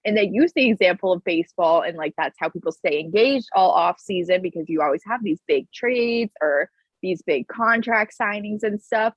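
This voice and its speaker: A woman co-hosting a casual sports podcast, talking bluntly and swearing freely as she laughs her way through a rant. Her voice has a slightly husky edge. It comes through a dull, dry, lo-fi mic. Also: on the low side, lively intonation, normal speed, dry recording. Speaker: podcast co-host.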